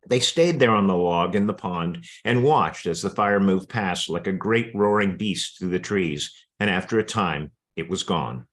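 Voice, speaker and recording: A man reading a children's story aloud to an online group in an expressive, animated way. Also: fairly low pitch.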